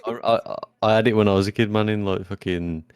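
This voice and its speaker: A man's voice: lowish voice, steady tone, fast talker, a little mellow, smooth, no room sound, studio quality. A man co-hosting a podcast, hesitant and swearing, laughing often in casual chat. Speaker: podcast co-host.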